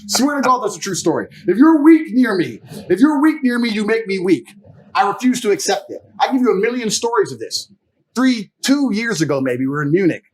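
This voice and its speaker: A man's voice: sits high, very animated, a little fast, breathy edge, low-quality recording. A man being interviewed as a guest, telling stories in a blunt, emphatic way and swearing freely. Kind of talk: casual interview storytelling.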